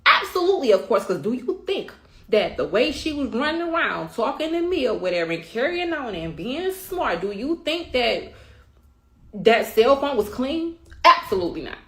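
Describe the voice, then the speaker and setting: A woman's voice: fairly high pitch, big pitch swings, normal speed, fairly bright tone. A middle-aged woman speaking bluntly and with emphasis, often swearing, as a mother telling her side in a storytime rant. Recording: roomy echo.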